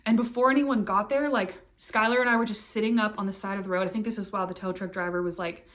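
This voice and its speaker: Young woman vlogger telling her story, earnest, halting, lots of likes and restarts, mid pitch. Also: fairly even intonation, fairly bright tone. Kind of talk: personal storytelling to camera.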